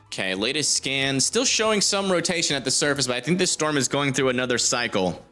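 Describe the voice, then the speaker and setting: A man's voice: mid-range voice, expressive, brisk, pushed and bright, faint music behind. A young man hosting a live weather stream, commenting informally on a storm on radar, thinking aloud with many fillers. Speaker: storm chaser livestream host.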